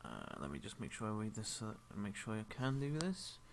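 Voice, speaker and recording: A man's voice: lowish voice, big pitch swings, brisk, a little hiss or hum. Casual male game master. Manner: casual, rules-checking. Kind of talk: running a tabletop game online.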